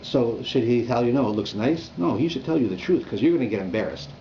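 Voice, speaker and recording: A man's voice: medium pitch, quick pace. Man teaching a Torah class conversationally. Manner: conversational, animated, with repeated "right?" checks. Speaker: rabbi. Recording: dull lo-fi recording with faint room noise.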